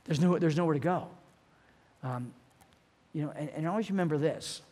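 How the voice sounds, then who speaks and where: A middle-aged man preaching a sermon, earnest and emphatic, slowing down to stress key phrases. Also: fairly high pitch, mellow. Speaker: pastor.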